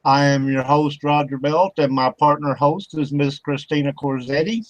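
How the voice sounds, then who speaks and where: A man's voice: fairly high pitch, steady tone, normal speed, no echo, highs cut off. A man hosting an internet radio talk show. He tells a rambling story with lots of fillers and laughter. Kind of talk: casual chat. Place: home studio for internet radio.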